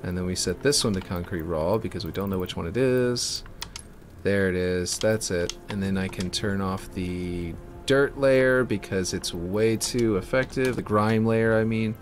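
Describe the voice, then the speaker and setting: A man giving casual, rambling commentary as he builds a game map, thinking out loud and correcting himself as he goes. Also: low voice, a little slow, slight background noise.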